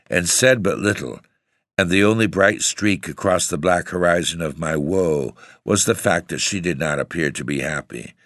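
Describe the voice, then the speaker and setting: A man narrating a story in a measured, formal manner. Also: sits low, fairly bright tone, no echo, studio quality. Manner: measured, formal, old-fashioned phrasing. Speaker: audiobook narrator. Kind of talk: scripted narration.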